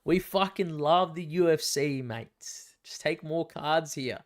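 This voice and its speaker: A young Australian man hosting a live fight watch-along, chatty and excitable, swearing freely as he reacts. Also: a little high, measured pace. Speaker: livestream fight companion host.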